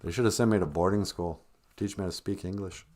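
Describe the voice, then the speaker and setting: A man's voice: low voice, fast, darkish tone. A man hosting a live-stream podcast in casual chat, joking and laughing often. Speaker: podcast host.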